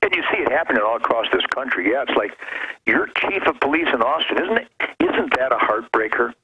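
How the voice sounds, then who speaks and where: A man calling in as a guest, talking with fervent, preachy passion, his voice swinging from low to high. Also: very animated, a little fast. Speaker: caller-in guest. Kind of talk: fervent call-in commentary. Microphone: telephone. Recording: muffled noisy phone line.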